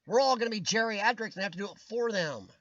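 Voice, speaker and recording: An American man hosts a casual live-stream, ranting with strong opinions and replying to viewers' comments by name as his voice begins to tire. He speaks fast and expressively in a high, fairly bright voice. The recording is dry and muffled.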